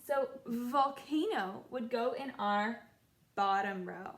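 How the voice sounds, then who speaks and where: A young woman teaching a children's phonics lesson, sounding out letters in a slow, encouraging sing-song way. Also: fairly high pitch. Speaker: kindergarten teacher.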